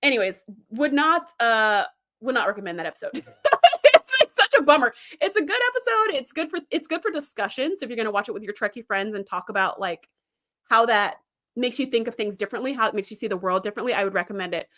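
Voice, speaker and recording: A woman hosting a casual livestream, chatting about episodes with many fillers and lively retellings. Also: mid-range voice, fast talker. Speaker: host.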